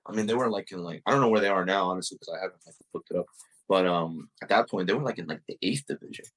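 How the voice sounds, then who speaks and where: Young guy, deep husky voice, says like and you know constantly, chatty podcast storytelling. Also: racing, fairly bright tone, low-quality recording. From Uruguay and the United States. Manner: fills speech with "like" and "you know". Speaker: podcast guest, soccer player. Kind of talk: casual storytelling interview.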